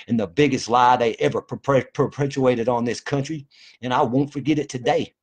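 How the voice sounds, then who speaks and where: A man delivering a fervent, profane, folksy monologue to his viewers. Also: medium pitch. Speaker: vlogger. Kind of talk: impassioned monologue to camera.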